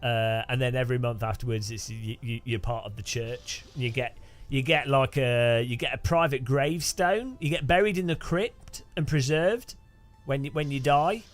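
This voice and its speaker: A man's voice: medium pitch, moderate pace, faint music behind. A man casually chatting on a live stream, rambling with dry joking asides.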